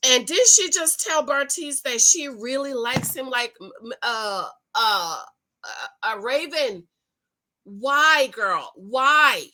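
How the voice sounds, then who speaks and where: Animated chatty woman vlogger, high bright voice. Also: unhurried. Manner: animated, chatty, laughs often, talks straight to viewers. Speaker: TV show recap vlogger. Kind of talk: casual reaction commentary.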